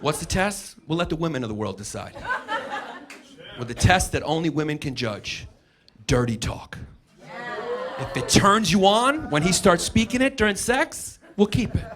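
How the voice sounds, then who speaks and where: A man's voice: a little high, sing-song, normal speed. A man doing a brash, profane stand-up comedy set on a club stage, riffing on a handheld mic. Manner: brash, profane, riffing, mock-foreign gibberish bits. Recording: live club recording, loud crowd laughter and noise. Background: audience laughter.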